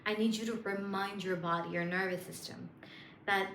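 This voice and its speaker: A woman's voice: mid-range voice, steady tone, moderate pace, a bit bright, echoey room, slight background noise. A woman coaching viewers on manifestation in a chatty, playful way, with lots of fillers and self-amused asides. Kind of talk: casual spiritual coaching monologue.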